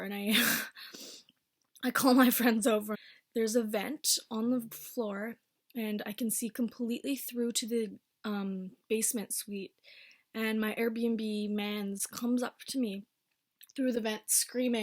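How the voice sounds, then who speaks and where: Young woman telling a storytime. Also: on the high side. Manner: blunt, swears freely, quick bursts between slower stretches. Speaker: vlogger. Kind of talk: casual storytime.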